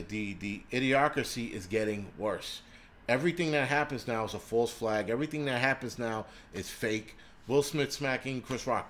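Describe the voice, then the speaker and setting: On his livestream, a U.S. man with a low-leaning, somewhat bright voice goes on a profane, heated tirade, often stammering and starting over. He reads out viewers' chat messages and answers them, and there's a little hiss or hum in the audio.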